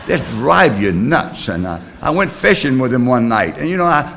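A man's voice: mid-range voice, lively intonation, normal speed, creaky, hardly any pauses, a bit bright, slight background noise. An older man telling his personal recovery story to a group in a rambling, blunt way, full of fillers and restarts. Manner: plain, blunt working-class talk. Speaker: recovery meeting speaker.

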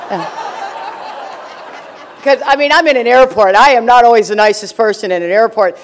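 An older woman with a fairly high voice talks at a normal speed at a recovery meeting. She tells stories to the audience with brash, joking humor and laughs often.

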